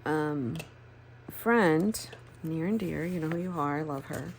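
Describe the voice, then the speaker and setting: A woman's voice: low voice, measured pace, a little hiss or hum. A woman, chatting candidly while crafting, rambling and swearing freely. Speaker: planner crafting vlogger. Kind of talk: casual chat while crafting.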